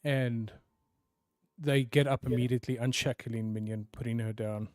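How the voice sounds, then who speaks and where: A man narrating a tabletop game as game master, often sinking to hushed tones for dramatic moments. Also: mid-range voice, steady tone, normal speed, no room sound, clean studio sound.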